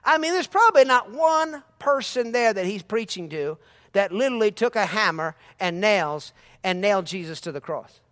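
A man preaching a sermon with emphasis, shouting some scripture lines and dropping to quiet, mocking asides. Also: high voice, lively intonation, moderate pace, big-room sound.

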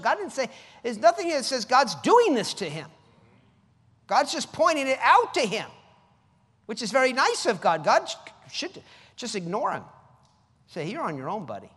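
A man preaching a lively sermon. His voice sits high and jumps widely in pitch. It rings out in a hall with a long echo. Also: breathy edge. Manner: animated, reads scripture slowly, mocks with high voices.

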